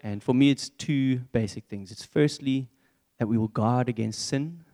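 A man's voice: mid-range voice, normal speed, mellow. A young man preaching a candid, conversational sermon in church.

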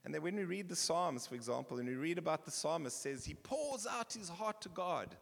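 Male pastor, high lively voice, gravelly edge, sermon style, bursts of shouting, reverberant church hall. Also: brisk. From South Africa. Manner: animated preaching with bursts of shouting.

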